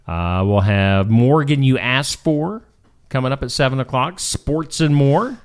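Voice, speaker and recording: A man's voice: mid-range voice, expressive, measured pace, smooth. A man co-hosting a local morning show, chatting casually in an upbeat, joking, rambling way. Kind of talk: casual chat.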